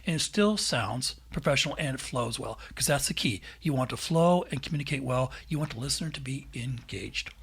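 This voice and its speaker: Animated, husky-toned male podcast host. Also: medium pitch, a little fast, few pauses. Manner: animated, laughs often. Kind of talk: casual chat.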